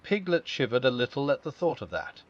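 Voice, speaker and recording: A man narrating a children's classic as a calm bedtime audiobook, gentle and expressive. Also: mid-range voice, brisk. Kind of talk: calm bedtime storybook reading. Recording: dull lo-fi.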